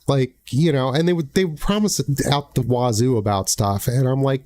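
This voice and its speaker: A man's voice: mid-range voice, normal speed, few pauses, dark tone. An American man hosting a live Q&A, telling a story bluntly with frequent restarts and some swearing. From United States. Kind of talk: casual livestream talk.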